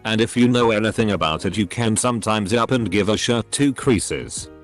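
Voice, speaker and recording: A man's text-to-speech voice narrating online posts as scripted story readings, with odd phrasing and pauses. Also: lowish voice. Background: faint background music.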